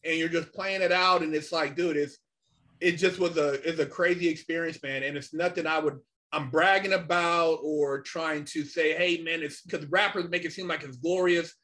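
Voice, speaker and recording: A middle-aged man telling a story casually and animatedly, swearing often and filling pauses with "you know" and "man". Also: fairly high pitch. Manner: animated, swears a lot, many fillers. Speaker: podcast guest.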